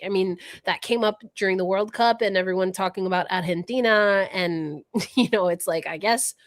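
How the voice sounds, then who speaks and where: A woman's voice: medium pitch, dry recording. A woman co-hosting a casual livestream discussion, talking in a thoughtful, reflective way, often restarting her sentences as she works through ideas. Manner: thoughtful, thinking out loud with many restarts. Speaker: podcast co-host.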